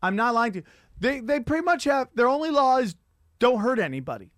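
A man hosting a casual podcast, telling rambling, profane stories with animated energy. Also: very high voice, a little fast, no echo, studio quality. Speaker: podcast host and comedian. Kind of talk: crude casual chat.

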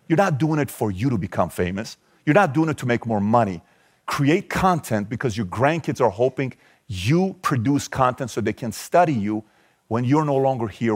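A man's voice: medium pitch, slightly rough. A man in his forties, from Iran, giving an emphatic talk to a live audience and firing rhetorical questions at the crowd. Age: 40s. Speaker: motivational speaker.

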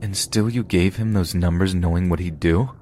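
A man's voice: deep voice, fairly even intonation, normal speed, warm tone, slight background noise, lightly acted. A man voicing a hurt young woman who questions a friend in pained disbelief in a horror story reading.

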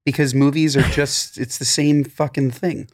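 A man's voice: mid-range voice, fairly even intonation, normal speed. A man co-hosting a podcast, giving blunt, offhand opinions in casual chat.

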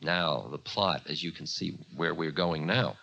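A man's voice: rumbling low, unhurried, creaky, bright, forceful tone, muffled recording. A man from the United States telling an old story in a chatty way, full of asides. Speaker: spiritual teacher. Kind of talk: storytelling talk.

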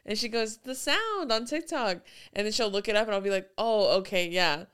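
Young woman, podcast co-host, smooth clear voice, giggly, breaks into loud quoted lines. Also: mid-range voice, fairly even intonation, fast talker. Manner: laughs often, quotes viral clips loudly. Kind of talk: casual chat.

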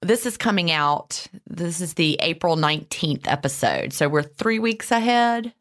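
A woman's voice: low-pitched, animated, a little slow. A woman co-hosting a podcast, talking casually and emotionally, with laughs and restarts. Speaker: podcast co-host.

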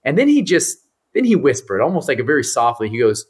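Lively, husky-voiced man telling a story. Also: mid-range voice, fast talker. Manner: animated storyteller who acts out the people he quotes. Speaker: guest, mental performance coach. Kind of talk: storytelling on a podcast.

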